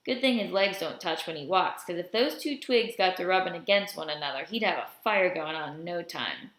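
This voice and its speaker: A woman's voice: on the low side, expressive, a little fast, a bit bright. A woman reading the part of a jovial older man who keeps teasing and joking, recorded in a roomy space. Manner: joking, drawling teases. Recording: roomy echo.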